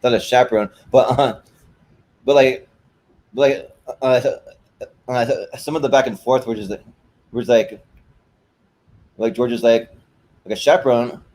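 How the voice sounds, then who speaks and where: A man's voice: mid-range voice, fairly even intonation, unhurried, pauses often, darkish tone. Rambling man co-hosting a chat show. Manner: rambling retelling of scenes, heavy on "like" and restarts. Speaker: co-host. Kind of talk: casual podcast chat.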